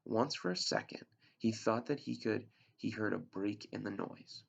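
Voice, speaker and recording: A male teacher reading a novel aloud to his class with expressive narration. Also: lowish voice, normal speed, gravelly, slightly rough, highs cut off.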